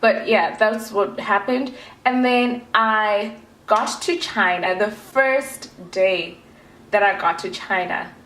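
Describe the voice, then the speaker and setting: A woman in her twenties from South Africa talks to her viewers in a loose, rambling vlog style full of playful asides. Her voice sits in a middle pitch. The room around her rings with a noticeable echo. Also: slow pace, a bit bright. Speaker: vlogger. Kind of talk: casual chat to camera.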